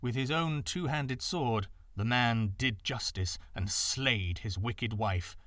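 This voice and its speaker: A man narrating folktales in an expressive, dramatic reading. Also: medium pitch, slow pace, dry recording, clean studio sound. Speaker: storyteller. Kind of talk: scripted storybook narration.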